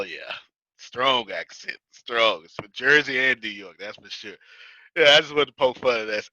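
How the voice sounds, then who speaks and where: A man with a Texas accent teaches a live class in a loose, joking, folksy way. His voice is very bright and his delivery is dry and close. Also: medium pitch, no room sound, rough recording. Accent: Texas, Houston area. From United States. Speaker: business coach teaching a class. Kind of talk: casual teaching talk to a live audience.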